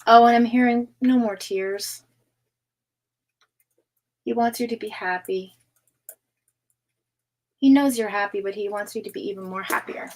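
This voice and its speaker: A woman's voice: medium pitch, unhurried, long pauses, poor audio. Chatty woman doing a tarot reading. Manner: chatty, filler-heavy, laughs often, swears casually. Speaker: tarot reader. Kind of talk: live-stream psychic reading.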